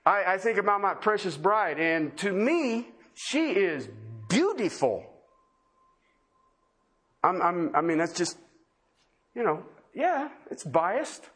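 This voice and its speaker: A man with a notably high voice delivers an impassioned sermon. He presses his listeners with repeated, emphatic questions, preaching with urgency to a gathered congregation. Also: big pitch swings, slow, long pauses, fairly bright tone, husky. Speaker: pastor. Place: church service before a congregation.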